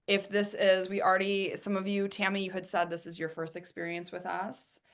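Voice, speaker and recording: A woman's voice: medium pitch, level tone, normal speed, fairly bright tone. A woman from Ohio hosting a live webinar, talking in an enthusiastic, chatty way and often repeating herself. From Ohio, USA. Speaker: webinar host and coach.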